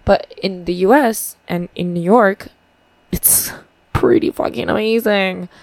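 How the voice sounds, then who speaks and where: A young woman from Paraguay records a casual video diary, speaking at an unhurried pace. Her talk is chatty and upbeat, and she swears freely. The sound is dry, with no room echo. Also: medium pitch, gravelly, a little mellow. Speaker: vlogger.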